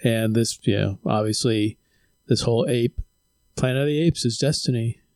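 A man's voice: medium pitch, normal speed, darkish tone, dry recording. Thoughtful man recapping a film, dry. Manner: thoughtful, explains plot points at length. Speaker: podcast co-host. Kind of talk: casual film discussion.

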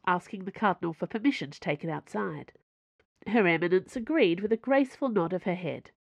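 Woman audiobook narrator, even and measured, dry booth sound. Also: medium pitch, vocal fry, no room sound.

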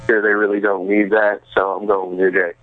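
Male co-host, deep voice, measured, heard over a phone line. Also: flat delivery, a little hiss or hum. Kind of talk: casual wrestling radio chat.

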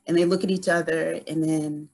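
Husky-voiced woman telling a story. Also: low-pitched, normal speed, rough recording. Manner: animated storyteller, frequent restarts. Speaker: podcast guest. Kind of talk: casual storytelling conversation.

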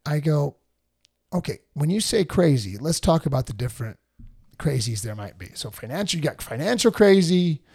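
Animated storytelling man, slightly high voice. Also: moderate pace, husky. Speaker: podcast co-host. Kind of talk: casual spiritual chat.

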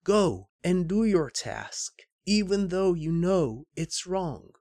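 A man's voice: high-pitched, very animated, slow, a little mellow, pitched above the performer's own voice, heavily acted. A man reading as a weary old prophet. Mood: solemn.

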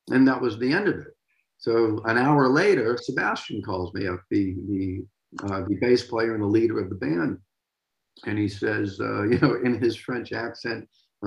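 A man in his sixties from Massachusetts, a drummer telling stories as an interview guest in an animated, lively way. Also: lowish voice, moderate pace, creaky, echoey room, low-quality recording. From Massachusetts, USA. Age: 60s. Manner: animated storyteller, vocalizes drum beats. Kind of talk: casual interview storytelling.

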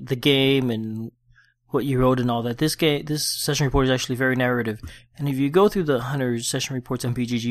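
In his mid-range, slightly bright voice, this solo gaming podcast host chats in a conversational way with quick restarts. He then reads a war story aloud as a session report, plainly and without putting on accents.

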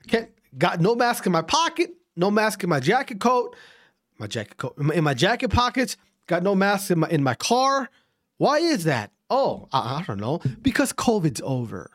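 A man from Wisconsin ranting to his audience in a casual, profane way. His voice sits high and swings widely as he repeats himself and restarts sentences. He sounds loose and unscripted, talking straight to his viewers. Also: normal speed. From Wisconsin, USA. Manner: profane, repetitive, animated ranting. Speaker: vlogger. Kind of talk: casual rant to camera.

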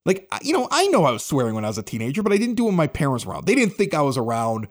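A man's voice: on the high side, huge pitch swings, very fast, few pauses. A man in his forties hosting a podcast, reading local announcements and rambling through stories with acted-out voices. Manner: rambling storyteller, acts out quoted voices. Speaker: podcast host. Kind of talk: casual chat and local announcements.

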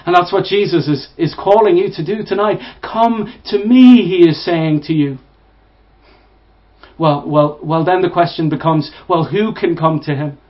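A man preaching a sermon to listeners, repeating words, swelling to emphatic peaks and falling to hushed, low phrases. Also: moderate pace. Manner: repeats and restarts words, rising to emphatic bursts. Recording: dull lo-fi sound.

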